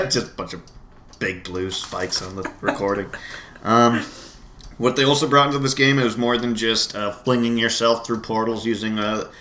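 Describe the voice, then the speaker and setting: Man, podcast host, bright forceful voice, rambling casual chat with lots of restarts. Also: lowish voice. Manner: rambling, laughing, restarts often.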